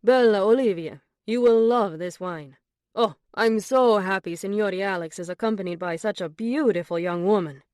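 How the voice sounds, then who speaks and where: A woman voicing an excitable Italian maitre d' with a thick Italian accent, exclaiming effusively in an audiobook. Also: medium pitch, normal speed, no echo, studio quality, close to an everyday voice. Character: excitable middle-aged Italian maitre d', man. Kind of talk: audiobook character voice.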